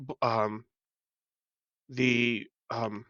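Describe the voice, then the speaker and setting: A man describing his character's actions in a tabletop game, halting with many fillers. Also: medium pitch, sharp tone, no echo. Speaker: player. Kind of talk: playing a tabletop character in character narration. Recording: dull lo-fi dry sound.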